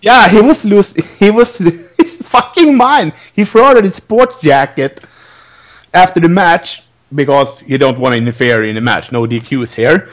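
Podcast host guy, lively up-and-down voice, unhurried, keeps cracking up mid-story. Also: fairly high pitch. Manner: rambling, laughs often, many restarts. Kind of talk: casual wrestling recap chat.

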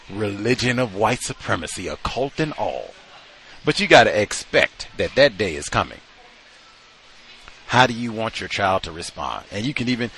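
A man's voice: fairly low pitch, sharp tone, slight background noise. A man hosting a radio talk show, giving emphatic commentary and now and then acting out the voices of people he quotes. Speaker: radio host.

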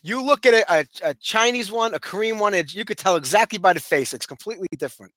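A man's voice: high-pitched, animated, fast talker, a bit bright, no room sound. A man with a Brooklyn accent hosting a radio show in casual, rambling chat full of fillers.

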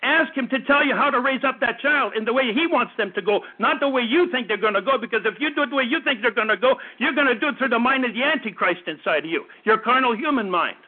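A man's voice: very high-pitched, animated, fast, few pauses. A man in his fifties preaching a fervent sermon, often stumbling and repeating words as he goes. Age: 50s. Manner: fervent, repetitive preaching with stammered restarts. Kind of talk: radio sermon. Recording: tinny phone-like radio broadcast.

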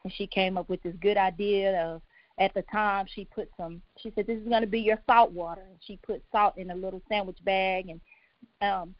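A woman telling her own life story on a talk show, halting with many pauses and restarts, emotional and close to tears. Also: mid-range voice, steady tone. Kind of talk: personal testimony on a talk show. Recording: dull, lo-fi, dry sound.

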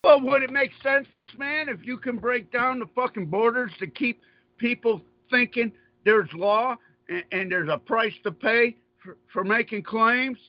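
A man's voice: very high-pitched, unhurried. A man rants in heated, profane bursts, circling back to the same points again and again. The sound is dull and lo-fi, and the room is dry with no echo. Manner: angry, profane, repetitive. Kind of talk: heated political rant.

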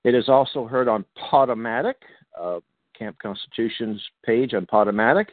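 This is a Boston-raised man hosting a talk radio show, rambling through his announcements with plenty of fillers and restarts. His voice sits in a middle pitch. The sound is dry and narrow, like a phone line. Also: moderate pace, no room sound. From Boston, USA.

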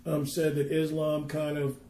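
A man who works as a minister, telling a faith story earnestly and reading scripture slowly and with weight. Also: fairly high pitch, monotone, warm tone, roomy sound, a little hiss or hum. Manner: tells a story earnestly, then reads scripture slowly and emphatically. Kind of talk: preaching and storytelling on a podcast.

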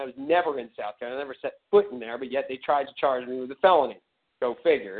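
A man telling his story on a community call in a blunt, profane, emphatic way. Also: mid-range voice. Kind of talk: casual storytelling. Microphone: phone or call line. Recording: tinny phone line.

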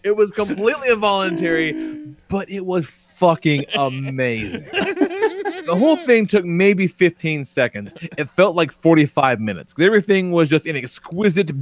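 A man co-hosting a podcast, telling a story with profanity and frequent laughter. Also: a little high. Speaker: podcast co-host. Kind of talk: animated storytelling.

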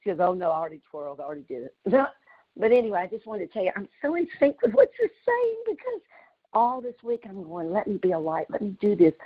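A woman, telling an animated story with exclamations on a group call. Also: fairly low pitch, husky, highs cut off. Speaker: community call participant.

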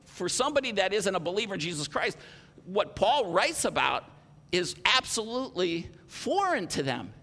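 A male pastor preaching a sermon, earnest and emphatic, acting out lively rhetorical quotes. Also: high voice, in a large hall.

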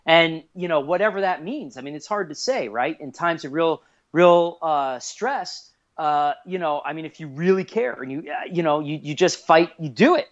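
A man in his thirties, a guest on a casual podcast, telling stories in an excitable way with lots of swearing. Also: on the high side, normal speed, hardly any pauses. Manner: animated, swears a lot, excitable. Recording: dull lo-fi podcast audio.

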